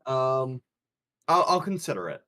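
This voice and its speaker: Playful, lively-voiced game player. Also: medium pitch, unhurried. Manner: excitable, playful. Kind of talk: tabletop role-play.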